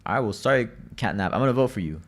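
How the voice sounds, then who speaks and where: A man's voice: lowish voice, animated, racing, creaky. A young man streaming a game, chatting and telling rambling stories with plenty of swearing. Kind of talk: casual gaming commentary.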